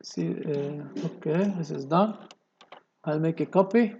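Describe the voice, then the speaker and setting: Guy slowly talking thru a cad drawing, mellow voice, kinda muffled lo-fi mic. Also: fairly high pitch, slight background noise. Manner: slow, step-by-step explaining with many okays. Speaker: engineering tutorial presenter. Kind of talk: screen-recorded software tutorial.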